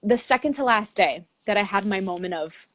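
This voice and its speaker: A woman guest in an interview, telling her travel story in a chatty, expressive way with lots of "like". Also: mid-range voice, brisk. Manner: chatty, heavy use of "like", expressive retelling.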